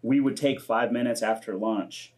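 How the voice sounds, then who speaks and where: A man's voice: medium pitch, fairly even intonation, normal speed, darkish tone. A man in his twenties hosting a podcast, chatting casually, swearing often and acting out quotes. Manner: laid-back, swears often, acts out quotes. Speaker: podcast host.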